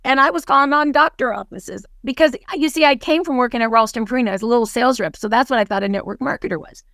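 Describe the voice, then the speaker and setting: Bright-voiced woman coaching on a video call. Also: a little high, quick pace, no room sound, clean studio sound. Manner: lively storyteller who acts out dialogue. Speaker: guest speaker, team leader. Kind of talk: webinar coaching talk. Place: home office on a video call. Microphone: video call microphone.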